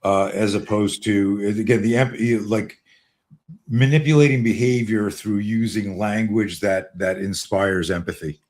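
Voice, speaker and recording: A man co-hosting a conversation who explains things haltingly, pausing and restarting often. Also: on the low side, steady tone, a little mellow. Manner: halting, with many fillers and restarts. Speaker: co-host.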